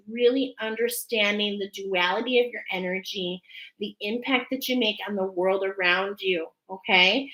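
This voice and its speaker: A woman's voice: medium pitch, fairly bright tone, poor audio. A woman giving an oracle card reading. She speaks earnestly and effusively and keeps checking in with a questioning "okay?". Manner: emotional, effusive. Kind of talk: spiritual channeled reading.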